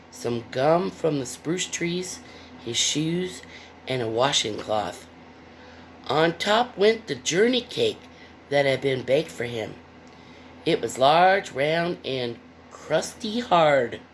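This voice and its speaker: A woman's voice: deep voice, slow pace, slight background noise. A woman reading a picture book aloud with playful, chatty asides to young listeners. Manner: playful, expressive.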